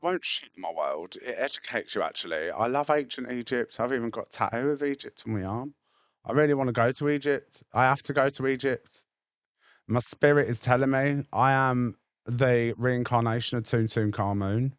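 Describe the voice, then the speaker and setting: A man's voice: mid-range voice, normal speed, no room sound. A man hosting a livestream, chatting and reacting to clips in a chatty, sweary way. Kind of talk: casual chat.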